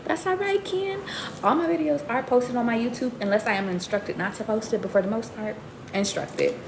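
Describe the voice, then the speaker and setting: A woman giving a casual live tarot reading to her viewers, slangy and animated, often jumping into high excited exclamations. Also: brisk, gravelly. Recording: roomy echo with faint background noise.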